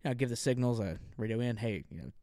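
A man's voice: mid-range voice, racing, dry recording, studio quality. A man in his thirties, a Marine veteran guest, telling stories in a casual interview and acting out the voices of people he quotes. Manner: animated storyteller, acts out quoted voices.

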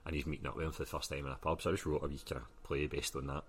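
A man's voice: extremely low pitch, flat delivery, a little hiss or hum. A young Glaswegian man, an author guest, chatting casually on a podcast and swearing freely, often laughing and acting out what other people said. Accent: Glaswegian Scottish. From Scotland. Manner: swears a lot, quick and laughing, acts out quoted people.

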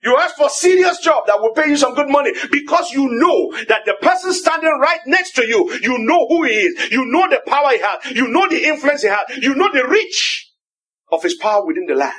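A man with a Nigerian accent preaching a sermon, firing repeated rhetorical questions and rising to emphatic shouts on key phrases. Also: extremely high pitch, big pitch swings, brisk.

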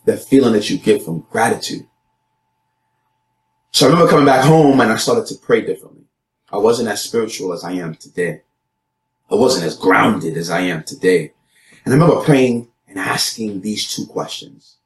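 A young adult man, a youth pastor, gives an earnest personal testimony at a moderate pace with long pauses, full of fillers and repeated words. His voice jumps higher when he acts out lines he once said, and the sound is roomy.

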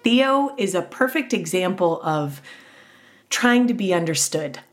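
A woman hosting a podcast over a video call, enthusiastic and quick to agree with her guest. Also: lowish voice, lively intonation. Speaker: podcast host. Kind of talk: casual interview chat.

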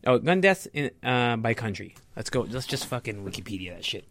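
A man's voice: medium pitch, big pitch swings, a little fast, a bit bright, a little hiss or hum. A young man giving a heated, profane opinion rant to his viewers, often stumbling and repeating words. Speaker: vlogger. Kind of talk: casual opinion rant to camera.

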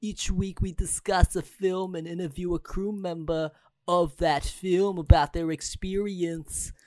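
A showy announcer with an obviously fabricated accent, pitched up high above a normal speaking voice, as a man puts it on. The delivery is theatrical and dry, with no room sound. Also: fairly even intonation, unhurried, warm tone, dry recording. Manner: exaggerated put-on accent, raised pitch. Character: showy fake-accented male podcast announcer.

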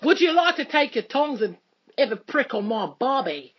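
A woman's voice: sits high, big pitch swings, normal speed, husky, highs cut off, pitched above the performer's own voice, heavily acted. A British woman putting on a cheeky Australian twang. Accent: put-on Australian. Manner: cheeky, innuendo-laden. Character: brash joking Australian woman.

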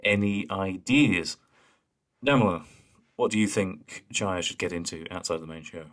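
Low-voiced man, joking podcast host. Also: normal speed, fairly bright tone. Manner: sweary, joking, reads listener emails aloud. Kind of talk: casual chat.

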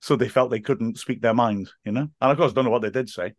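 A man's voice: medium pitch, fast talker, no echo, clean studio sound. A man as a podcast guest, a stadium announcer and teacher, chatting casually and telling stories with frequent laughs and quoted voices.

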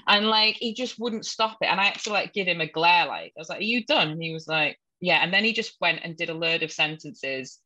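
A woman with a Hull accent in casual chat, blunt and quick to swear, laughing often. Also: on the low side, bright, forceful tone. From Hull, England.

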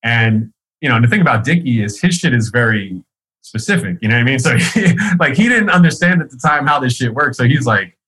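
Husky, forceful-sounding man, rambling and profane, laughs a lot while telling a story. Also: medium pitch, expressive, a little fast, low-quality recording. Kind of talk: casual storytelling.

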